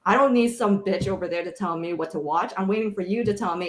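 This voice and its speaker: A woman's voice: lowish voice, fast talker, hardly any pauses. A woman filmmaker on a panel, ranting with passion, blunt, sassy and swearing heavily. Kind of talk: impassioned rant in a panel chat. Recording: echoey room.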